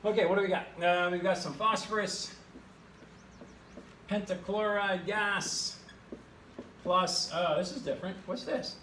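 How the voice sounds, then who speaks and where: A male chemistry teacher recording a lesson at a whiteboard in his classroom, playful and jokey, often jumping into high exclamations. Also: pushed and bright, a little hiss or hum. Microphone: camera in the room.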